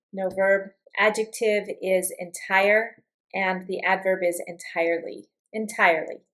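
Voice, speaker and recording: A woman teaching an English vocabulary lesson, patiently explaining a word with example sentences and saying some phrases slowly and deliberately. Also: medium pitch, rough recording.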